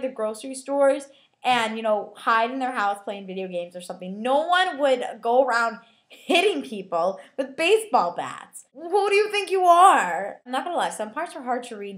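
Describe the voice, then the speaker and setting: Chatty teen girl reviewing a book. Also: fairly high pitch. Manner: chatty, filler-heavy, with mocking quoted voices. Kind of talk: casual book review vlog.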